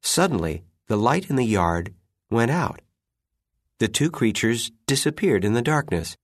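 A man narrating a children's story in an unhurried, expressive reading. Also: mid-range voice, no echo, studio quality.

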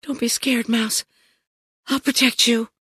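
A woman voicing an excitable, dramatic young girl in an audiobook, with high, breathless exclamations. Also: unhurried, slightly rough, dry recording, full character voice. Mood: spooked. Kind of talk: audiobook character voice.

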